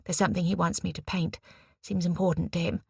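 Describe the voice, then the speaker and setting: A woman voicing a reserved, tired young war artist, speaking softly and gently. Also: on the low side, level tone, a little fast, gravelly, slightly rough, no echo, studio quality, heavily acted. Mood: earnest.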